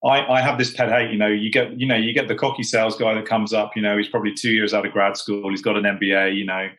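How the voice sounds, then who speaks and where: A man's voice: lowish voice, level tone, fast, a bit bright, rough recording. A British man speaking as a sales executive guest in a casual chat, emphatic and full of "you know" fillers. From United Kingdom.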